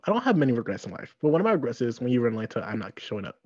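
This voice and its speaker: A woman co-hosting a casual recap podcast, blunt and excitable, laughing often, on a dull mic. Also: very deep voice, rapid-fire, husky. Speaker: podcast co-host.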